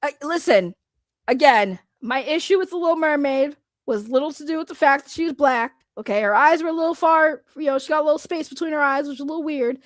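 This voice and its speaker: A woman from Boston ranting on a live stream, loud, blunt and sarcastic, laughing often. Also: sits high, quick pace, dry recording. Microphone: computer microphone.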